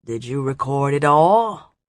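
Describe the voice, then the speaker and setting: A cold, scheming pirate leader with a guttural accented voice, acted out by a male narrator. He gives clipped, commanding orders at a slow pace. The audiobook recording is close and dry. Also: mid-range voice, expressive, no echo, lightly acted. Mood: demanding.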